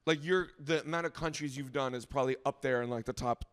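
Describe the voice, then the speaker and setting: A man's voice: mid-range voice, fast talker. A man hosting a comedy podcast, chatting casually and cheering his guest on with short agreements. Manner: encouraging, chimes in with short agreements. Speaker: podcast host and comedy club runner.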